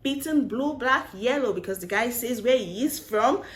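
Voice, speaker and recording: A woman giving casual relationship advice in a vlog, telling stories in an animated way and slipping into pidgin phrases. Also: fairly high pitch, moderate pace. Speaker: Christian relationship vlogger. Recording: roomy echo.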